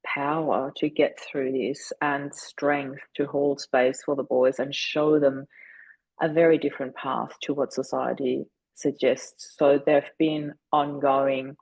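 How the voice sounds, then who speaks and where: A woman talks as a podcast guest, earnest and reflective, stretching her words and stopping often to find them. Her voice is husky with a gravelly edge. The sound is dry and close. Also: rumbling low, a little mellow, no echo, low-quality recording. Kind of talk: reflective personal storytelling.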